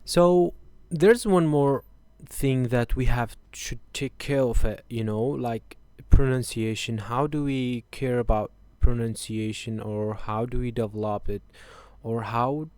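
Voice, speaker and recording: A man's voice: mid-range voice, steady tone, unhurried, a little mellow, smooth, dry recording. A man hosting a casual interview, chatty and peppering his questions with fillers. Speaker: host.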